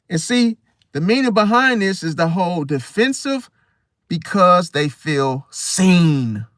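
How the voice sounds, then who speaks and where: A man with a somewhat high voice talks straight to his viewers in an emphatic, casual monologue. He keeps circling back to the same phrases and checking in with "See?" The sound is dry and close, with no room around it. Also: fairly bright tone, dry recording. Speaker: astrology channel host.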